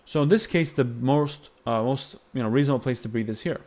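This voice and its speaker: A man's voice: medium pitch, brisk, darkish tone. A man teaching Byzantine-style chant phrasing, explaining patiently and singing short phrases to demonstrate. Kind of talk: music lesson with sung demonstrations.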